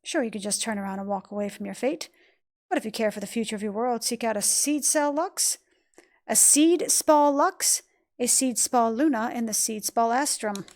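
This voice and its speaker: A woman voicing a mysterious, calm young boy from a game cutscene, speaking in a soft, measured, cryptic way. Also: a little high, close to an everyday voice. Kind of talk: reading game cutscene lines aloud.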